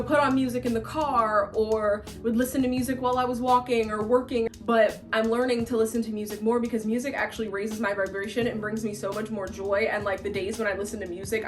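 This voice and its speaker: Emphatic woman in her late twenties. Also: fairly high pitch. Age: late 20s. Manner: emphatic, blunt, repeats lines for effect. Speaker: vlogger. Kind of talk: casual advice vlog.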